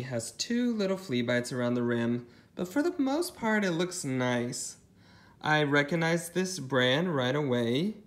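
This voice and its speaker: A man casually chatting as he shows off a thrift haul, rambling with lots of ums and side comments. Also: medium pitch. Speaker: thrift reseller showing a haul. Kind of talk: casual haul vlog chat.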